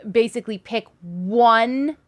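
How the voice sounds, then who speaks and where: A woman's voice: fairly high pitch, takes it slowly. A woman interviewing a guest casually, reacting with short comments and follow-up questions.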